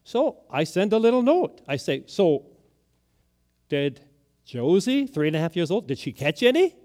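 An older male pastor preaching a sermon, emphatic, with dramatic swings in loudness and pitch as he acts out quotes. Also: very animated, a little slow.

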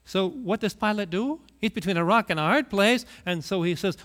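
A man's voice: high-pitched, normal speed, hardly any pauses, a bit bright. A man preaching a sermon, retelling stories and acting out the voices of the people in them. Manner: storytelling, acts out quoted voices.

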